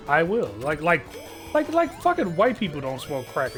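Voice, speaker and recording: A man with a slightly high voice rants live to his stream chat, wandering from point to point with sardonic asides and a steady stream of curse words. Faint music plays quietly under his voice. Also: normal speed. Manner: rambling, heavy cursing, sardonic.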